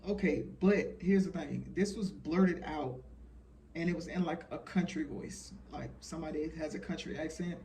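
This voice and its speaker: A man's voice: a little high, moderate pace, a little mellow, distant mic, a little hiss or hum. Frank man in his thirties, off-mic. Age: 30s. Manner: frank, profane, rambling with fillers. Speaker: channeler sharing messages. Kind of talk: casual monologue.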